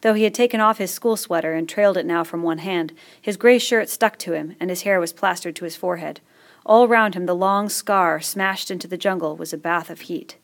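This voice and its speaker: This is scripted audiobook narration of a novel by a woman whose pitch is fairly low. She keeps the delivery steady and measured throughout.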